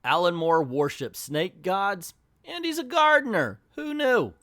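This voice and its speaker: A man talks through comic panels in a chatty, self-mocking way. His pitch swings widely as he narrates, and the sound is dry and close, with no room around it. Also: sing-song, unhurried, fairly bright tone, dry recording. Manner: chatty, self-deprecating, voices characters when quoting. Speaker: comics channel host. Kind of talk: casual comic recap with read-aloud quotes.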